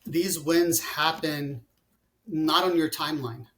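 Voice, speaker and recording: Founder guest, man in his forties, fairly high voice, loose rambling delivery full of "you know". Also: slow, sharp tone. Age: 40s. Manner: rambling, many fillers and restarts. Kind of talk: casual interview conversation.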